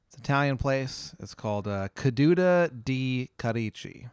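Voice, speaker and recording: A man's voice: medium pitch, lively intonation, moderate pace, clean tone, no room sound. A man hosting a comedy podcast, spinning a long hypothetical story in a rambling way, full of "like" and "uh". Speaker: podcast host.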